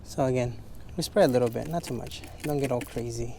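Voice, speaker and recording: A man's voice: mid-range voice, fairly quick, mellow, slight background noise. A man with English as his second language, frankly chatting in a rambling, motivational way while detailing his car, swearing casually.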